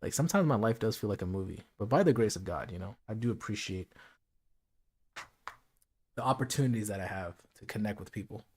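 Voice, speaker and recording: A man's voice: on the low side, expressive, brisk, pauses often, husky. A man streaming a late-night casual chat, earnest and reflective, talking things through with lots of "like" and "you know.".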